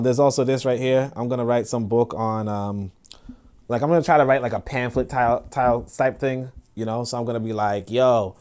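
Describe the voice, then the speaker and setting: A man's voice: medium pitch, a little mellow, smooth. Slangy rambling man hosting a livestream. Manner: rambling, slangy, many fillers and laughs. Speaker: host. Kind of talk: casual livestream chat.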